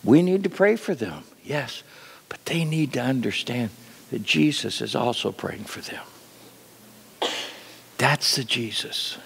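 Male pastor, sermon, wide lively pitch, slow deliberate pace, hall reverb. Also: creaky, slightly rough. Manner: animated preaching, drops to soft near-whispers.

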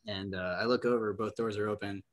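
Fairly quick and fairly low in pitch, a young man from Nebraska guests on a podcast with a long, casual story. He rambles, says "like" and "um" constantly, and acts out the people he describes with lively quotes.

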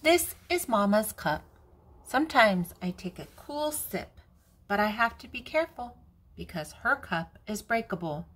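An older woman, a grandmother, reading a children's picture book aloud in a gentle, even way. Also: medium pitch, unhurried. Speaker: storybook reader.

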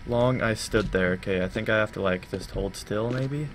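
A man doing horror game let's play commentary, babbling and swearing when scared and jumping to loud, high yelps. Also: normal speed. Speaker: gaming YouTuber. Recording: steady background noise.

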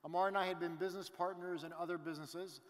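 A middle-aged man from Canada giving an animated motivational talk on stage, telling stories with asides to the crowd. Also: sits high, quick pace. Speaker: business event speaker. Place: large event hall. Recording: reverberant hall.

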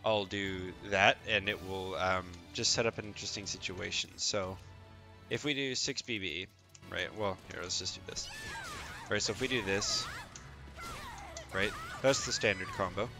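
In a relaxed fighting game tutorial, a man explains moves while tossing in frequent "um" and "right?" asides. His voice is low-pitched and his pace moderate, with music playing in the background.

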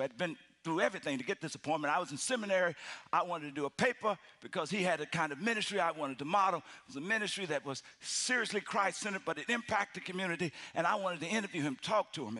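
A middle-aged male pastor telling a story in a sermon. His delivery is animated and acted out, shifting between loud shouted lines and hushed near-whispers. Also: on the high side.

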